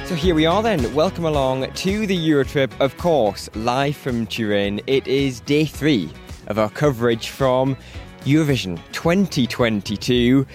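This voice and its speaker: A man's voice: medium pitch, unhurried, soft background music. A man co-hosting a podcast, chatting casually and teasing his co-host while walking outdoors by a river. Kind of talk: casual chat.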